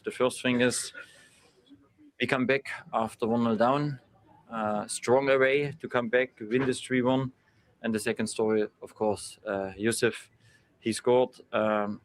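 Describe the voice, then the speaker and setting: A football manager speaking haltingly in non-native English at a post-match press conference, with many fillers. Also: male voice, medium pitch.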